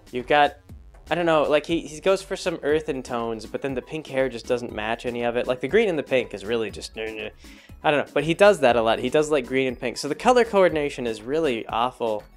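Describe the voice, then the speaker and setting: A young man chatting casually as a blog host, rambling and hesitant, with many fillers and restarts. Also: mid-range voice. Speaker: blog host reviewing a show. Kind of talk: casual chat.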